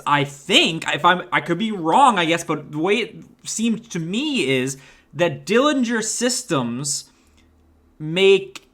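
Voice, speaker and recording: A man's voice: high-pitched, pushed and bright. A man ranting through a movie review, exasperated and swearing, stumbling over restarts and repeated words. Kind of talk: rambling rant review.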